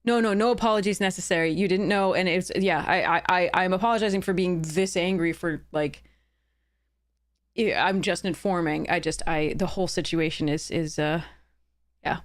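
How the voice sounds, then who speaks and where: A woman's voice: on the low side, moderate pace. Heated, apologetic woman streamer. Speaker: game streamer. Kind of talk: live stream chat with viewers.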